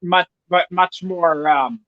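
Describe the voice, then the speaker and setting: A man's voice: sits high, slow, phone-quality sound. A man chatting casually as a podcast guest, rambling through digressions with wry asides. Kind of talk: casual chat.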